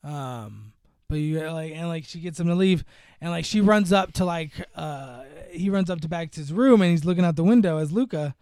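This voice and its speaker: High-voiced man rambling through a movie plot. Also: expressive, normal speed, a little mellow, no room sound, clean studio sound. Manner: rambling storytelling with many fillers, acting out characters' lines. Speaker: podcast co-host recapping a movie. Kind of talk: casual chat.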